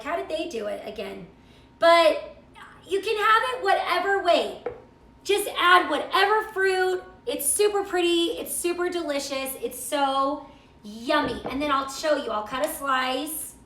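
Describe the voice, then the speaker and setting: Bubbly high-voiced woman cooking host. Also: moderate pace, a bit bright, echoey room. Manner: chatty, gushing, reads viewer comments. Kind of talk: live cooking stream chat.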